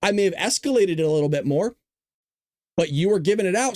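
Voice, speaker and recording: A man's voice: high-pitched, expressive, fast, pauses often, darkish tone, no echo, studio quality. Blunt, scornful male political host. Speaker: show host. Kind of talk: political commentary.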